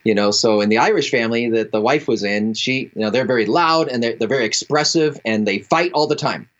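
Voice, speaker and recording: Male radio guest, anecdotal and animated, slightly muffled sound. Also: mid-range voice, a little fast. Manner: storytelling, acts out quoted voices, laughs often. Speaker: guest speaker. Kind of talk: relaxed radio interview talk.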